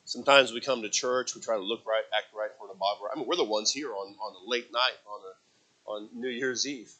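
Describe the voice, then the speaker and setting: A man preaching a sermon, telling stories with acted quotes and swinging from loud dramatic bursts to low, quiet asides. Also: brisk, husky, low-quality recording. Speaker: pastor.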